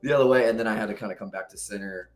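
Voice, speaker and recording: A man's voice: on the low side, very fast, reverberant, soft background music. A young adult man talking candidly and rambling as a guest poet on a podcast. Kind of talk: casual podcast conversation.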